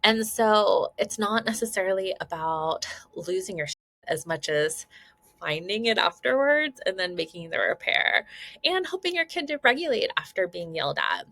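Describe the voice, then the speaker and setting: A woman talks through parenting advice in a casual, chatty way, laughing often and checking in with "okay" and "right." Her voice sits at an everyday middle pitch. The sound is dry, with no room echo. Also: lively intonation, moderate pace, a bit bright. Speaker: parenting coach. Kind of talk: casual advice talk to camera.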